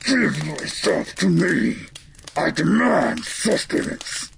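Man voicing a gravelly hungry fire demon. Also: fairly high pitch, sing-song, slow pace, a crowd in the background, full character voice. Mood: demanding. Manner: demanding, commanding.

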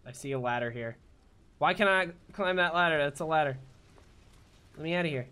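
A man giving live gameplay commentary as a let's play gamer, jumpy and swearing often with loud startled outbursts. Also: a little high, brisk, clear, resonant tone.

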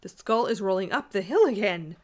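A woman's voice: medium pitch, animated, fairly quick, darkish tone, lightly acted. A woman reading aloud, voicing an obstinate, superstitious village mayor who grows fearful. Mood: uneasy. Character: stubborn, superstitious old village mayor, frightened. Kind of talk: audiobook reading.

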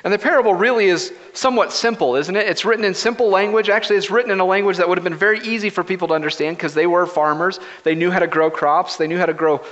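A man preaching a conversational sermon as pastor, telling stories in a relaxed, anecdotal way, recorded in a church sanctuary. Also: sits high, fast, few pauses. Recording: reverberant, dull lo-fi livestream audio.

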